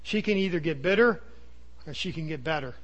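A man preaching a sermon, earnest and emphatic, sometimes dropping to a low hush. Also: a little fast, highs cut off. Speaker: pastor.

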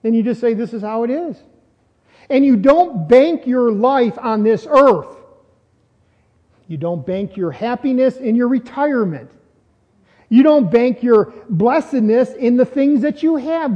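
This sermon comes from a high-pitched pastor speaking loosely and conversationally, firing questions at his listeners along the way. A church hall's long reverb surrounds his voice, and the recording sounds dull and lo-fi.

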